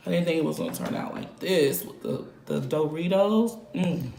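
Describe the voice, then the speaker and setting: A woman's voice: deep voice, creaky. A woman vlogging a mukbang, chatting casually between bites and humming contentedly as she eats. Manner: slow, relaxed talk between bites, lots of contented hums. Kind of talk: casual eating vlog. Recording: echoey room, faint background noise.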